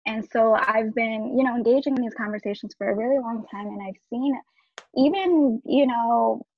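A woman in casual conversation, speaking earnestly, laughing often and trailing off softly. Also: fairly high pitch, normal speed, dry recording. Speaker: writer and guest. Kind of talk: casual chat. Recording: dry, dull lo-fi sound.

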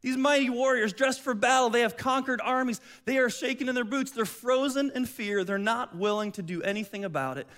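A middle-aged man preaching a sermon, telling the story with lively energy, often restarting his phrases. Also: extremely high pitch, brisk, hardly any pauses. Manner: animated storytelling, acts out voices, many restarts. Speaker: pastor.

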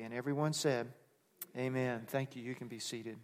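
A man's voice: mid-range voice, steady tone, normal speed. A man preaching a sermon as pastor, reading scripture and building to emphatic, repeated calls to the congregation. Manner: preaching with rising emphatic bursts and call-and-response. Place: church sanctuary. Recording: long reverb of a large hall.

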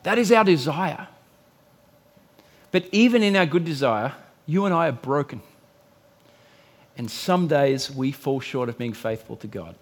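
A middle-aged man preaching a sermon, telling stories and acting out quotes with big swings in pitch and volume. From Australia. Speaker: pastor.

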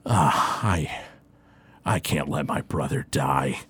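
A man voicing a torn, anguished male warrior who speaks low and strained. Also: steady tone, a little fast, breathy edge, no room sound, full character voice. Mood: pained.

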